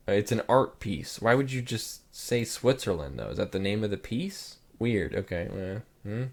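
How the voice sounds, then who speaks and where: A man's voice: fairly low pitch, normal speed, hardly any pauses. A young man hosting his channel, reacting to pictures in a loose, rambling casual chat full of "like" fillers. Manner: relaxed, rambling, lots of "like" fillers. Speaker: channel host.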